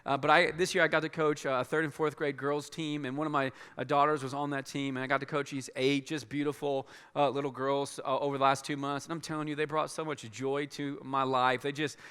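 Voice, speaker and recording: A man speaking as a pastor to his church in a large auditorium, earnest and halting, with many restarts. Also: mid-range voice, flat delivery, a bit bright, clear, resonant tone. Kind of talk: church announcement and sermon. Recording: long hall reverb.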